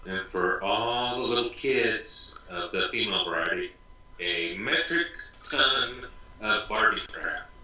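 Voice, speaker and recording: American male co-host, low voice, bright tone, laid-back, echoey distant mic. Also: lively intonation, slow. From United States. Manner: laid-back, reads web info aloud with dry asides. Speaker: podcast co-host. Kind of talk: casual chat.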